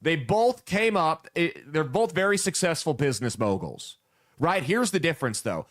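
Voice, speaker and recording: A man's voice: fairly high pitch, big pitch swings, moderate pace. A man from the American Midwest hosting casual political commentary, talking bluntly and with sarcasm.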